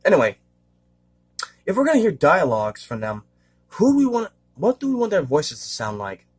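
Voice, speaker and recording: Man, casual vlog, husky, lively up-and-down pitch, rambling, hesitant, throat-clearing. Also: moderate pace. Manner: rambling and hesitant, many fillers. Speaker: vlogger. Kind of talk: casual monologue.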